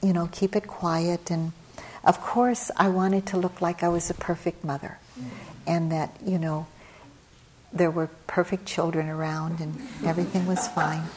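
A middle-aged woman with a slightly low voice gives a dharma talk as a meditation teacher. She tells her story in a loose, conversational way, full of "you know" and little restarts, and she perks up when she acts out scenes. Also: little pitch movement, measured pace, darkish tone, slight background noise. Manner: conversational, frequent fillers, livens up when retelling scenes.

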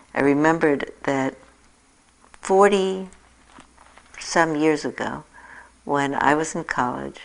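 An older woman in her sixties speaks in a low voice with a gravelly edge. She gives a reflective dharma talk as a meditation teacher and pokes gentle fun at herself along the way. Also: rough recording. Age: 60s. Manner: reflective, gently self-mocking storytelling.

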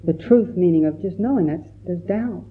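A man, a Buddhist monk, giving a gentle, reflective dharma talk and telling stories with quoted voices. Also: high-pitched, moderate pace, a little hiss or hum. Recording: tinny phone-like recording.

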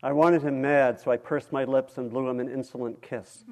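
A male meditation teacher reading a story aloud during a dharma talk, in a calm, measured way. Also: mid-range voice, very noisy.

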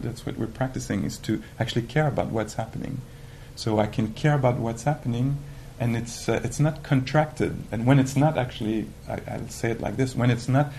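A man giving a conversational dharma talk as a meditation teacher, animated and full of "you know" fillers. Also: medium pitch, fairly quick, few pauses, a little hiss or hum, rough recording. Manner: animated, acts out quoted inner voices.

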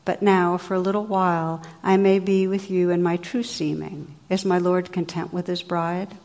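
A woman voicing a gentle, wise enchanted lady in a read-aloud legend, speaking slowly and sweetly. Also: fairly low pitch, flat delivery, long reverb tail, close to an everyday voice. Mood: earnest.

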